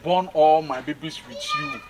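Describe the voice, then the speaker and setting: A man with a Ghanaian accent, a comedian acting in a sketch, flirting in an exaggerated, animated way. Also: a little high, normal speed. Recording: noisy outdoor recording.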